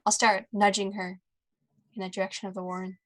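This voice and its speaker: A woman's voice: mid-range voice, little pitch movement, brisk, fairly bright tone. A woman playing a tabletop role-playing game, speaking in a hesitant, stammering way. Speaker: player.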